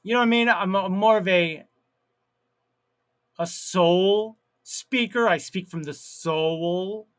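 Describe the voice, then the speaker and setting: A man hosting a live stream, chatting casually, reading viewer comments aloud and laughing at his own jokes, with drawn-out words and sudden loud outbursts. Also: sits high.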